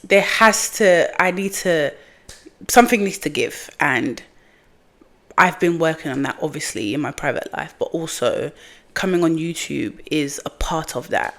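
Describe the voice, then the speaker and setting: Young woman vlogging, lively up and down voice, kind of rambly and self-mocking, lowish pitch. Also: a little slow. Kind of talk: candid casual vlog. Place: outdoors in the sun, windy.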